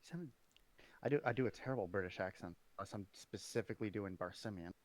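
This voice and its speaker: A man's voice: on the low side, fast talker, no room sound. A man running a tabletop game as game master, laughing often and stumbling over restarts.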